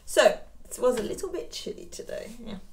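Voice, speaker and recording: A woman reading a picture book aloud to young children, with a gentle, coaxing, teacher-like way of talking. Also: fairly high pitch, sing-song, fairly quick, creaky. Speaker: children's story reader.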